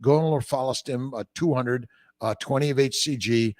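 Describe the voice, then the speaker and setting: A man's voice: mid-range voice, moderate pace, a little mellow, dry recording, clean studio sound. A man, a fertility doctor, answering viewer questions on a casual livestream, blunt and profane as he jumps from topic to topic. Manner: reads out viewer comments and answers them.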